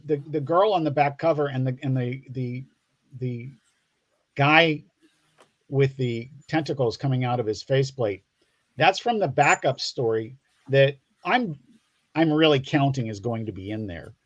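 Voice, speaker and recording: A man talking about the comic he wrote, speaking in a middle-pitched voice over a video call. He rambles, restarts phrases and leans on fillers. The sound is dry and close, with no room in it. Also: no echo, highs cut off. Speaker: comic book writer and guest. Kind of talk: casual chat on a livestream.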